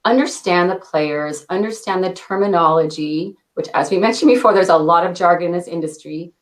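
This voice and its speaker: A woman in her thirties, a company director answering interview questions with a quick cadence and frequent light laughs. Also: fairly low pitch. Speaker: interview guest, product launch director.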